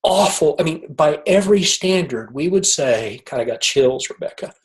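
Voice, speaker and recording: Emotional halting man telling a story. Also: fairly high pitch, expressive, rough recording. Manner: emotional, halting, repeats words. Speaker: guest author. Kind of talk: storytelling in conversation.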